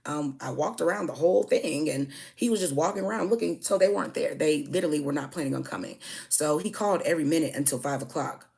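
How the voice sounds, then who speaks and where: A woman's voice: low-pitched, fast, creaky, a little mellow. A young woman telling a heated storytime rant about a customer. She swears freely and keeps punching lines with "okay?". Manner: emphatic, profane, keeps tagging "okay?". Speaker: food business owner.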